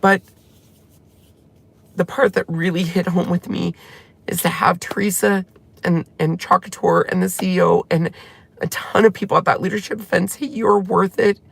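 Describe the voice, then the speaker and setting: Heartfelt male vlogger near tears, rambling and gravelly, close dry mic. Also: sits high, steady tone, moderate pace, fairly bright tone, no room sound. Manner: tearful, heartfelt, rambling retelling. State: emotional, close to crying. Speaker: channel host. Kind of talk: emotional personal vlog talk.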